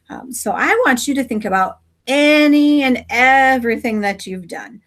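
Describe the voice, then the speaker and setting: A woman teacher reading a story aloud and teaching her class in a friendly way, asking questions and dropping into soft asides. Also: on the high side, animated, measured pace.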